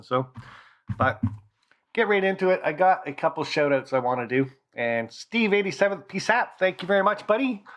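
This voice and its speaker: A man hosting a live stream from home, talking loosely as he thanks viewers by name. His voice sits a little high for a man. He drifts from one thought to the next in easy, unscripted chat. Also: fairly bright tone. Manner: chatty, rambling, reads out viewer names. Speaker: channel host. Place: home model railroad room.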